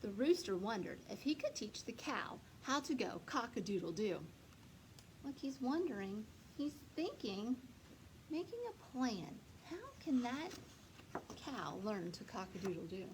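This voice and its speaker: A woman librarian reading a picture book aloud to young children, slowly and expressively. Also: fairly high pitch, slight background noise, poor audio. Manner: slow, lively, expressive, speaks to children. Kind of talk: storytime read-aloud.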